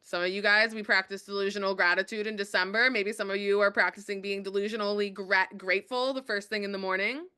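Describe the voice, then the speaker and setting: Woman, webinar host, bright tone, smooth clear voice, upbeat, encouraging. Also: mid-range voice, fairly even intonation, quick pace, hardly any pauses. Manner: upbeat, encouraging, reads chat aloud. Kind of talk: motivational webinar talk.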